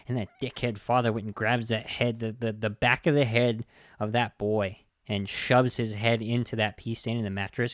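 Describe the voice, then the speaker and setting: A man's voice: fairly low pitch, little pitch movement, moderate pace, no echo, clean studio sound. A man hosting a podcast, talking casually and heatedly about a film, exasperated, swearing, with frequent restarts. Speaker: podcast host. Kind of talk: casual film review talk.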